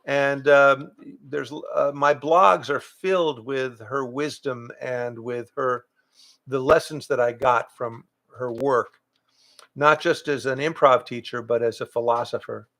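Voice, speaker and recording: An older man, a voice actor and improv teacher, chatting casually with fans on a livestream from home, reading out their questions and answering in a relaxed, rambling way. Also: mid-range voice, a little slow. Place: home, in front of pictures on the wall. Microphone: livestream webcam setup.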